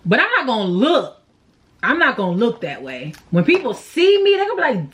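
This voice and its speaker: A woman's voice: mid-range voice, wildly swooping pitch, fast. A woman chatting through a makeup tutorial, candid and slangy, openly sad and emotional as she vents between steps. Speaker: makeup vlogger. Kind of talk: casual makeup tutorial chat.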